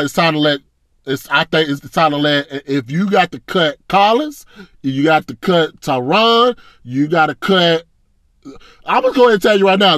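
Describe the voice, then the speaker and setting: Man, fairly high voice, dry close sound, cursing fan rant, blunt, frustrated. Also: fairly bright tone, no room sound. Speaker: sports fan commentator. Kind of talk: casual fan reaction rant.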